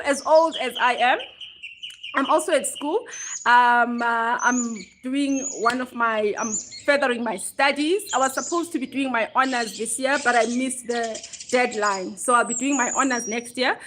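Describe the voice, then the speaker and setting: A woman's voice: sits high, normal speed, fairly bright tone, a little hiss or hum. A woman in her forties, a bit out of breath, hosting a casual livestream chat into her phone and greeting viewers by name. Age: 40s. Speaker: livestream host. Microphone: phone held close.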